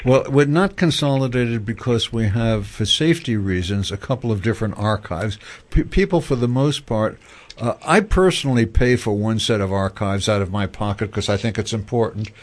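A man's voice: fairly low pitch, normal speed. A man hosting a radio talk show in a wry, chatty way with frequent restarts.

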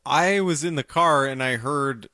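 A man's voice: medium pitch, measured pace, bright, forceful tone, a little hiss or hum. A man co-hosting a casual radio talk show, speaking in an easygoing, hesitant way and repeating words. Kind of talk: casual chat.

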